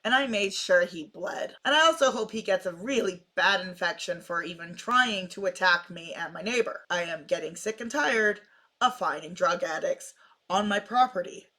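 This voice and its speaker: Blunt, ranting woman with a bright voice. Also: fairly low pitch, moderate pace. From Canada. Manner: blunt, sarcastic, profane ranting. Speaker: commentary vlogger. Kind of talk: ranting news commentary.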